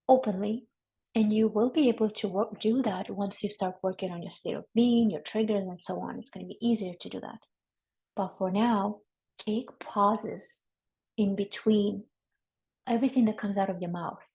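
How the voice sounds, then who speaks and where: A woman, a marriage and family therapist, teaching a workshop in a calm, instructive way, often checking in with listeners. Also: mid-range voice, low-quality recording.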